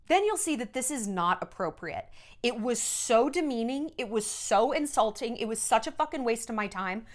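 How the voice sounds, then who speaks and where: A woman's voice: on the high side, expressive, normal speed. A woman in her thirties, a former entertainment journalist, telling stories in a casual, sarcastic and profane rant. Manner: sarcastic, profane, mimics people in exaggerated voices.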